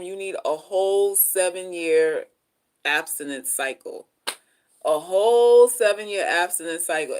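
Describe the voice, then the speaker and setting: A middle-aged woman chatting casually on a livestream from home, animated and slangy as she reads viewer comments aloud. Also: mid-range voice. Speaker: livestream host.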